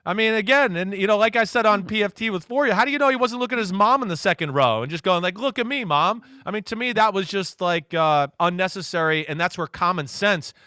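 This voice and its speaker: A man in his forties, a former quarterback, telling a story as a guest on a radio talk show and acting out quotes loudly. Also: sits high, fast talker, hardly any pauses, clean tone, dry recording, studio quality. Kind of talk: casual radio interview.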